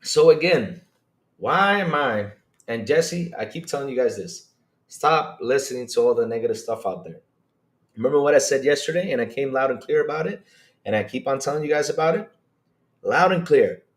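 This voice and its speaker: A man hosting a casual gaming livestream, rambling in an animated way, reading chat and swearing when he gets worked up. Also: medium pitch, moderate pace. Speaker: podcast host reading live chat.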